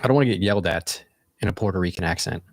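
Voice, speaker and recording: A man's voice: deep voice, rapid-fire, dry recording. A man hosting a livestream, chatting casually in a loose, rambling, reflective way. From United States. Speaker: livestream host.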